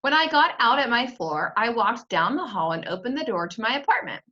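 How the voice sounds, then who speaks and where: A woman reading a children's novel aloud to her class, expressive, with chatty asides. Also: fairly high pitch, brisk, muffled recording.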